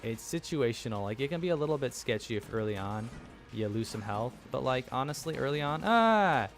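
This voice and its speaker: A man talks through his own video game run in casual commentary. His voice sits in a middle pitch, and he rambles with plenty of ums and nervous asides. Soft game music plays faintly behind him. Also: a little fast. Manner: rambling, frequent ums, flustered chatter with laughs. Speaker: gameplay commentator. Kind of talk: casual let's-play commentary.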